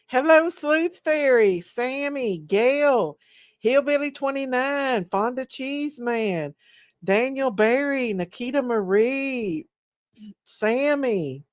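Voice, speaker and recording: A woman's voice: high voice, lively intonation, slow, no echo, clean studio sound. A woman hosting a casual livestream, chatting, laughing and greeting viewers by name. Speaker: livestream host.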